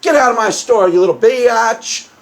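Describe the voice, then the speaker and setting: A man's voice: very high-pitched, normal speed. A man doing a sneering bully of a boss. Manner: sneering, mocking. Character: cruel mean male boss, bullying.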